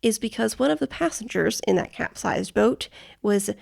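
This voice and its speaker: A woman's voice: a little high, animated, normal speed, creaky, darkish tone. A woman co-hosting a travel podcast who explains news stories step by step and checks that the listener is following. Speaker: podcast co-host. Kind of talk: casual chat, explaining news.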